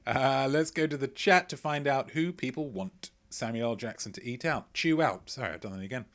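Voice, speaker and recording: A man's voice: medium pitch, a little fast, fairly bright tone. A man hosting a live-streamed quiz from home, reading out chat messages with playful, rambling asides. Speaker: quiz host. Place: at home, indoors.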